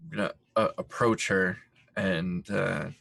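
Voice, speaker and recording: Slow, gravelly male player. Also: sits low, fairly even intonation, fairly bright tone, no echo. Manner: slow and hesitant. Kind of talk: tabletop role-play.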